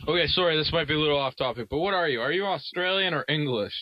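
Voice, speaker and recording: A man's voice: fairly high pitch, fast, no echo. A young man playing a mock-formal talk show host in an improvised comedy sketch, calling his guest "sir", recorded in a parked car. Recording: slightly dull lo-fi sound.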